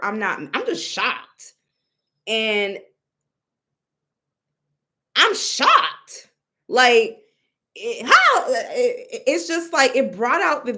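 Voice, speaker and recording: A young woman telling a story in a casual, expressive way, exclaiming and mimicking others, with many restarts. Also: a little high. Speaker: storyteller recounting a reading.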